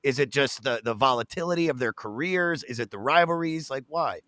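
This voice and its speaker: A man hosting a podcast, excitable and profane as he chats with guests. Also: medium pitch, brisk. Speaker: podcast host. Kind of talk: casual podcast chat.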